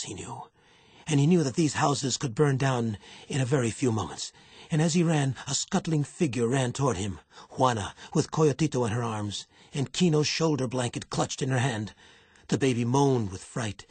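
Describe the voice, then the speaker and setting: Male audiobook narrator, raspy voice, dry booth sound, even delivery. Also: mid-range voice, normal speed, dry recording. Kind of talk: scripted narration.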